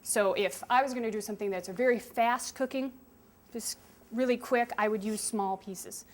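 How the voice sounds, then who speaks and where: A woman chef walks children through a cooking demonstration, explaining each step with patience. Her voice sits a little high. She keeps it simple and hands-on. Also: normal speed. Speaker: chef teaching kids.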